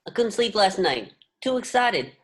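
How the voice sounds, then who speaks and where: A woman's voice: mid-range voice, big pitch swings, moderate pace, natural voice. A woman reading the part of a cocky, hyped young man in a script reading. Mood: excited.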